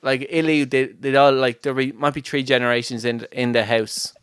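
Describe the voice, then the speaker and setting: A man's voice: mid-range voice, steady tone, a little fast, fairly bright tone, clear, resonant tone, no echo, clean studio sound. A man hosting a podcast from home, chatting casually with lots of fillers and frequent laughter. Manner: rambling, many fillers, laughs often. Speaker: podcast host. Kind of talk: casual chat.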